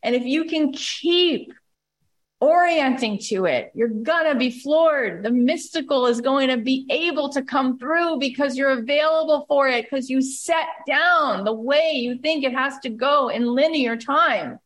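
A woman's voice: sits high, a little slow. A woman podcast host giving a passionate, emphatic motivational talk to her listeners.

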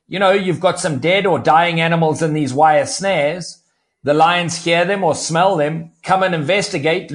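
A man speaking as a conservationist guest in an interview, explaining at length and repeating words as he starts sentences. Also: fairly high pitch. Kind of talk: podcast interview.

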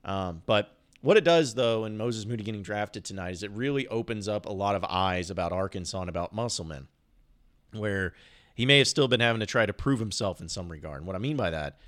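Male sports podcast host with a lowish voice. Loose, rambling monologue with joking asides. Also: a bit bright.

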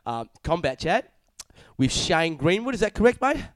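An Australian man hosts a podcast chat with a slightly raised pitch. He jokes and teases his guest. The sound is close and dry. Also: sing-song, moderate pace, dry recording. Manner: jokey, teasing banter. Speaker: podcast host.

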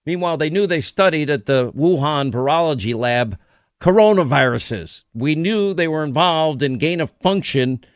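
A combative male talk host delivers a sarcastic political monologue, stacking one rhetorical question on another. His voice sits a little high for a man. The studio sound is dry and close, with no room echo. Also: animated, normal speed.

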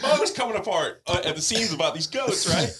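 A man guesting on a podcast, telling fishing and travel stories in a casual, animated way, acting out quotes and laughing often. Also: high-pitched, brisk, background noise. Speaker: podcast guest, offshore fisherman. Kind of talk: casual storytelling.

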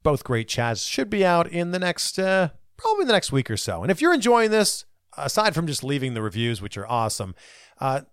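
An upbeat man hosting a podcast, talking casually with a guest and wrapping up with thanks. His pitch moves up and down a lot. The sound is dry and close, with no room echo. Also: huge pitch swings, a little fast, clear, resonant tone. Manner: upbeat, wraps up with thanks and plugs. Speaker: podcast host. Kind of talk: casual interview and sign-off.

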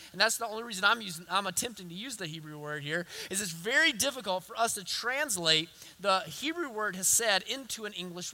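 A man's voice: high-pitched, pushed and bright. A man with a Southern accent preaching an earnest sermon, building to emphatic repetition. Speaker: pastor.

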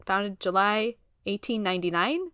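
A woman's voice: medium pitch, animated, moderate pace, a bit bright, smooth, no room sound, studio quality. Woman reading out quiz answers. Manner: laughs easily, reads answers plainly. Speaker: quiz host.

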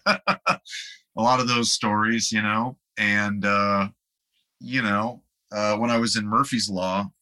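A man's voice: lowish voice, steady tone, takes it slowly, long pauses, bright, forceful tone. A man, a guest musician, telling rambling anecdotes in a casual interview and laughing along the way.

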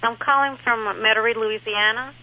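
A woman calls in to a radio show and explains her problem, halting and restarting as she goes. Her voice comes through a muffled, dull phone line. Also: on the high side, fairly even intonation. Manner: hesitant, halting. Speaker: caller. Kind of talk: phone-in question.

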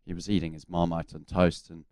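Relaxed New Zealand man telling stories. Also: deep voice, fairly quick, no echo, studio quality. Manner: laid-back anecdotal storytelling. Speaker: guest, former cricketer. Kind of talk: casual radio chat.

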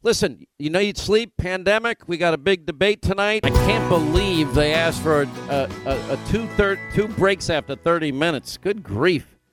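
A man hosting a political talk radio show from a remote broadcast location, firing off rapid rhetorical questions. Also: high-pitched, animated, music in the background.

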